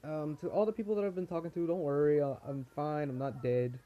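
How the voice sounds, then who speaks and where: A man's voice: on the high side, steady tone, fast talker, lo-fi sound. A teenage boy with a cold and a cough, chatting and complaining in a rambling casual vlog, a pet cockatiel somewhere behind him. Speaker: vlogger.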